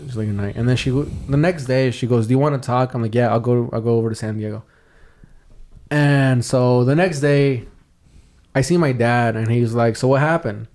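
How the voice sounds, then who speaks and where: A man's voice: mid-range voice, moderate pace, a little mellow. A young man telling a long personal story on a podcast, casual and rambling, swearing often and restarting his sentences. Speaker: podcast host.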